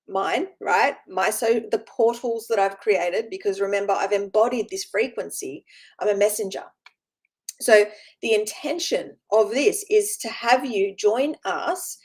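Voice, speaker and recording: A woman with a fairly high voice gives a loose, informal spiritual talk. She rambles, restarts and repeats herself, tagging lines with quick check-ins to her listeners. Her tone stays earnest and encouraging throughout. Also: darkish tone, low-quality recording. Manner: rambling, repeats words, keeps asking "right?". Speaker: spiritual teacher.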